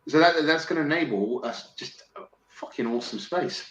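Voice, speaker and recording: A man from England in casual podcast chat, excitable, swearing freely and stumbling over restarts. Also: on the high side, a little fast. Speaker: podcast guest. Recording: roomy with faint noise.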